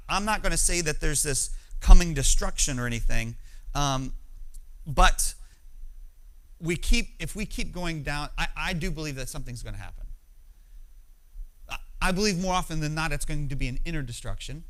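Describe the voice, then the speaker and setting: Bright-voiced man preaching conversationally. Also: a little high, rough recording. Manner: conversational, emphatic, frequent "right?" asides. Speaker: pastor. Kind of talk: sermon.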